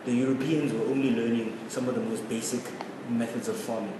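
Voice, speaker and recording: Co-host in his twenties from South Africa, opinionated and animated, recorded from far off in an echoey room with background noise. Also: mid-range voice, brisk. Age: 20s. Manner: opinionated, animated, laughs often. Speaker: podcast co-host. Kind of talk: casual chat.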